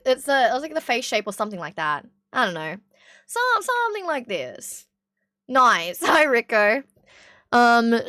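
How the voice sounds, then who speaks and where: A woman's voice: mid-range voice, sharp tone, no echo, studio quality. A young Australian woman streamer chatting casually and reacting to clips, rambling and laughing often. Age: young adult.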